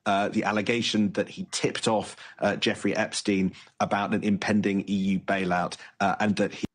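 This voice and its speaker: A man with a low, husky voice reports the news in a measured tone. He pauses now and then with short fillers. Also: flat delivery.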